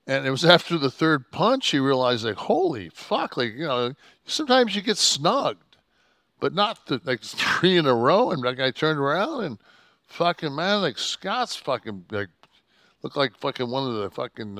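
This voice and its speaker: A man's voice: medium pitch, a bit bright, no room sound, clean studio sound. Profane man telling a heated story. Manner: profane, heated, rambling with restarts. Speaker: podcast co-host telling a wrestling story. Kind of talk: casual storytelling chat.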